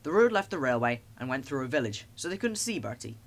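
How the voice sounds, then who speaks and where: A man's voice: mid-range voice, very animated, fast talker. A man reading a children's storybook aloud. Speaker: narrator. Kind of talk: storybook narration.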